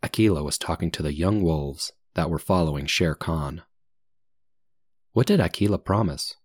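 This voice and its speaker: A man reads a story aloud for English learners, slowly and deliberately, pausing for comprehension questions. His voice is very low and recorded close and dry, with no room sound. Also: darkish tone, husky, no echo. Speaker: English teacher.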